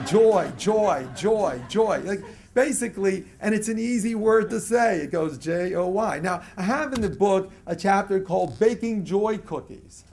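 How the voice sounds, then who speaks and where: An older man from the United States speaks in a fairly high voice, giving a lecture to a live audience. He tells stories with frequent chuckles and leads the crowd in group chants. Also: gravelly, darkish tone. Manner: chuckles often while telling stories. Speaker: motivational speaker.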